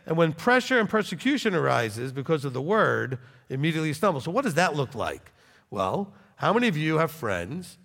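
Preacher guy, fairly high voice, keeps asking okay?, long church echo. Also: vocal fry. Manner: conversational, animated teaching with frequent "okay?" check-ins. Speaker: pastor. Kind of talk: sermon.

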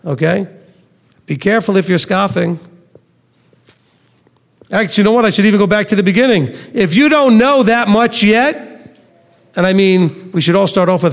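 High-voiced man preaching in a reverberant hall. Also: normal speed, vocal fry, pauses often. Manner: emphatic, with rhetorical questions and sarcastic asides. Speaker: Messianic Torah teacher. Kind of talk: sermon to a live and online congregation. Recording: long reverb of a large hall.

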